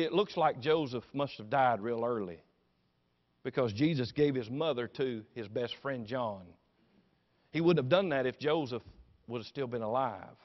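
A man preaching a sermon in a folksy, emphatic storytelling manner, on a dull recording with long reverb. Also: mid-range voice.

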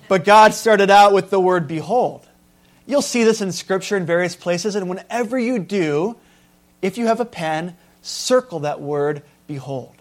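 A man preaching with a high, light voice. He hits key words hard and then falls back to a hush. The sermon moves between force and calm. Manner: emphatic, swings between loud stresses and quiet asides. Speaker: pastor.

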